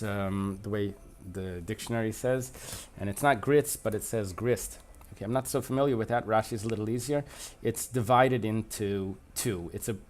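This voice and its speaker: Male Talmud teacher; explanatory, reads a line then translates it. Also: medium pitch. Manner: reads Aramaic aloud then translates, thinking aloud. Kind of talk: explanatory lesson.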